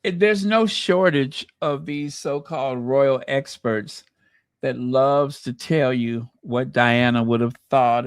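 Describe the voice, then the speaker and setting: A man's voice: mid-range voice, slow, smooth, no room sound, studio quality. A man from the United States hosting his channel, giving sassy, mocking casual commentary. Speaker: channel host.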